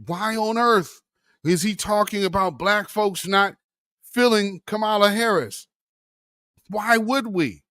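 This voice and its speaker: A man's voice: sits high, takes it slowly, pushed and bright, no room sound, clean studio sound. A man hosting a political commentary vlog, impassioned and preachy, calling his viewers family and brother. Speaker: commentary channel host.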